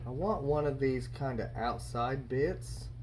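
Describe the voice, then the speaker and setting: A man hosting a casual barbecue cooking vlog, relaxed and chatty, thinking aloud with plenty of fillers. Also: medium pitch, measured pace, slight background noise. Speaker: barbecue channel host.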